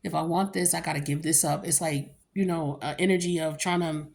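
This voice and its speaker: A fairly low-pitched woman giving a tarot reading straight to her camera. She talks in a loose, chatty way, full of slang and freely dropped curses, as if confiding in friends. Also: fairly even intonation, fairly quick, gravelly, darkish tone. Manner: chatty and blunt, loose slang and frequent cursing. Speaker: tarot card reader.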